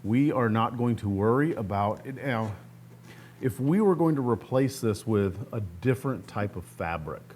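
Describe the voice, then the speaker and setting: In a workshop, a man who hosts a guitar restoration channel walks through a hands-on project step by step, speaking casually as he works. His mid-range voice moves at a moderate pace, relaxed and plainspoken, with a little hiss or hum on the recording.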